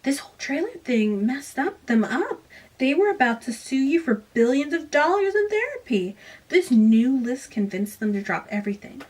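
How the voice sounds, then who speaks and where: A woman's voice: high voice, very animated, normal speed, a little mellow, husky, recorded from a distance, pitched above the performer's own voice, exaggerated voice. A woman voicing a smug, bossy teenage alpha girl as she recaps a book. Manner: smug, pushy.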